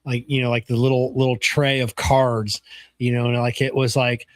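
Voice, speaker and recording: A man's voice: mid-range voice, flat delivery, moderate pace, no room sound. Rambling man on a podcast. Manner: rambling, many fillers like "you know" and "like". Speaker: podcast co-host. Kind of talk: casual chat.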